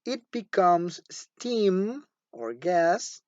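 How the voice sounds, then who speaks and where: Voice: medium pitch, very animated, drawn-out words, a little mellow, dry recording. A teacher giving a phonetics lecture, patient and repetitive, often checking in with the class. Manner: patient, repeats words and asks "okay?" often. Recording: dull lo-fi dry recording.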